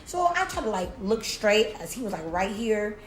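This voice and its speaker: A woman's voice: mid-range voice, very animated, normal speed. A young woman telling a storytime to her viewers in a casual, slangy, profane way, often repeating herself. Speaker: storytime vlogger. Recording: roomy echo with faint music.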